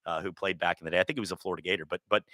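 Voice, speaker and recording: A man's voice: low-pitched, fairly even intonation, racing, bright, forceful tone, dry recording. A man hosting a casual sports talk show, rambling and joking with plenty of restarts. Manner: rambling, jokey, with lots of restarts.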